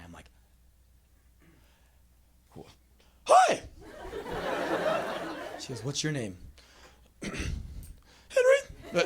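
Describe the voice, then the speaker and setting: Animated man telling a story on stage. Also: medium pitch, slight background noise. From United States. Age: 20s. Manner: animated, acts out his younger self in quick voices. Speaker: spoken word performer. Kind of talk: live spoken word storytelling. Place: small music venue with a live audience.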